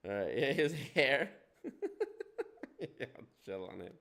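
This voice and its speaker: A man's voice: mid-range voice, sing-song, takes it slowly, vocal fry, a bit bright. A man hosting reaction commentary, crude and mocking, swearing freely. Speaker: commentary host.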